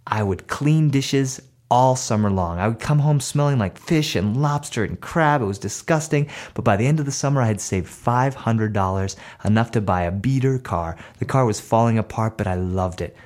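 A man telling a personal story aloud in an animated, conversational way. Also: mid-range voice, normal speed, hardly any pauses.

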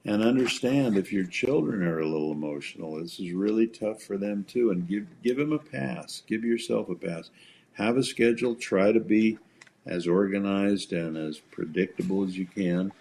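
Deep gravelly male talk host. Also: moderate pace, slight background noise. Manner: gives calm practical advice. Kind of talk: casual chat.

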